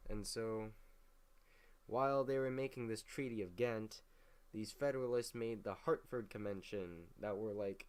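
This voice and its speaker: Brief: young male host, lowish voice, rambling, swears a lot, loose casual history recap. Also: a little slow. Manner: rambling, profane, heavy use of filler words.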